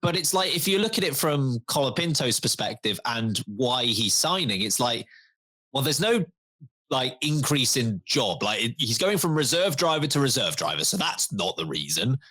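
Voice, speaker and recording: A young man, a podcast co-host in casual chat, talking in an animated way. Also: mid-range voice, moderate pace, slightly rough. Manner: animated, laughs, puts on quoted voices.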